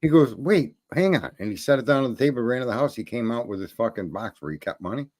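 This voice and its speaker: A man's voice: mid-range voice, racing, a little mellow. A man hosting a live stream, chatting and telling stories in a blunt, profane, rambling way. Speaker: stream host. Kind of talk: casual chat.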